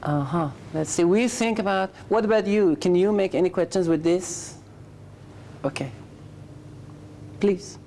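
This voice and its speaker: A woman's voice: lowish voice, unhurried, pauses often, mellow, slight background noise. A woman teaching English conversation in class, patiently correcting and repeating her students' sentences.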